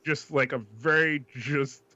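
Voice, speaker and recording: Male co-host from New York, tense bright voice, slangy and emphatic, lo-fi dry sound. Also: on the high side, fairly even intonation, measured pace, dry recording. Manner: emphatic, profane, riffs with slang. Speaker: podcast co-host. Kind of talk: casual chat. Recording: dry, dull lo-fi mic.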